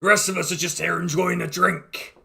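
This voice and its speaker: A man's voice: sits high, steady tone, a little fast, vocal fry, sharp tone. A man narrating a tabletop game as game master, in an amused, rambling way with frequent restarts.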